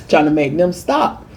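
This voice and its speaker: A woman food vlogger chatting through a storytime while she eats, with emphatic repeats and lively quoted voices. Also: low-pitched. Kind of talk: casual storytime while eating.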